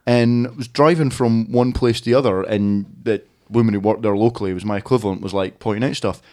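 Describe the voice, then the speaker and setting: A man's voice: fairly low pitch, steady tone, brisk, warm tone. A Scottish man, a regular on a podcast, telling stories in a bemused, self-deprecating way. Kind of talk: casual chat.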